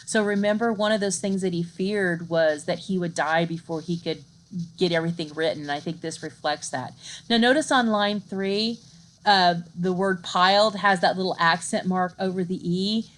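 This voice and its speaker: A middle-aged woman giving a recorded university literature lecture, explaining in a conversational way, often asking "right?" and reading poetry aloud slowly. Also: on the low side, steady tone, slight background noise.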